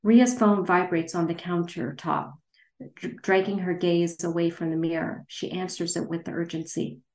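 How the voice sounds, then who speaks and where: A woman with a lowish voice reads her own fiction over a video call and then talks about it. Her speech is hesitant and full of fillers. The sound is roomy and echoey. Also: steady tone, moderate pace, darkish tone. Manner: hesitant, many fillers and restarts. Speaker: author. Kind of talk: reading her novel aloud, then interview answers. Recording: roomy echo.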